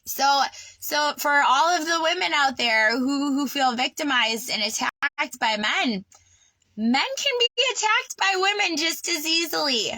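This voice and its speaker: A woman tells her story to camera in a raw personal vlog, worked up and swearing freely. She stumbles and restarts her sentences as she talks. Her voice is high and bright, and the sound is close and dry. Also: unhurried, no room sound, poor audio. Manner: agitated, swearing, stammering restarts. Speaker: vlogger. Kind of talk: unscripted personal vlog rant. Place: on her sailboat.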